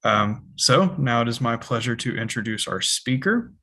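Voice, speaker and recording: A man's voice: medium pitch, animated, moderate pace, pushed and bright. A young man with an ordinary mid-range voice hosts a student physics talk series. He reads the guest's introduction in an earnest way, with an occasional "um" between sentences. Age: young adult. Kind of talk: reading a speaker introduction.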